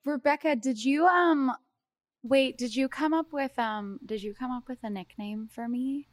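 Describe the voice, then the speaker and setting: A woman's voice: sits high, unhurried, no room sound. A young adult woman co-hosting a podcast, chatting casually and laughing easily. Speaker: podcast co-host. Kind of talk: casual chat.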